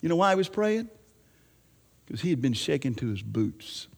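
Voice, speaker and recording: A man preaching a sermon as pastor, animated, swinging between hushed asides and raised, emphatic lines. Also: on the high side, normal speed, gravelly, big-room sound. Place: church.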